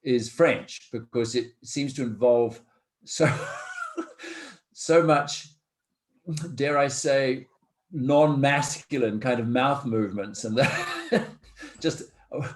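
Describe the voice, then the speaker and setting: A man's voice: medium pitch, slow, pauses often. A man from New Zealand leading an online seminar over a video call, talking in a thoughtful, wry way with restarts. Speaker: course leader.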